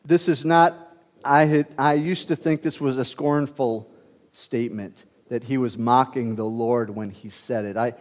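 A man's voice: mid-range voice, fairly even intonation, a little slow, a little mellow, long reverb tail. A man preaching a conversational teaching sermon, with frequent fillers and restarts as he works through a scripture passage. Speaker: pastor.

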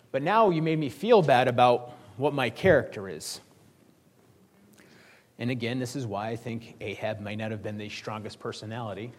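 A male pastor preaching a sermon in a conversational, joking storytelling manner. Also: medium pitch.

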